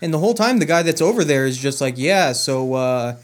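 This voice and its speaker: A man in casual podcast banter with a somewhat high voice. He is easygoing and jokey. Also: expressive, very fast. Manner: easygoing, jokey, laughs often. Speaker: podcast co-host. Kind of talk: casual chat.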